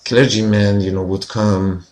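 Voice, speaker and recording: A man's voice: lowish voice, flat delivery, unhurried, a little mellow. A man being interviewed as a healer, telling a personal story in an earnest way with many "you know" fillers.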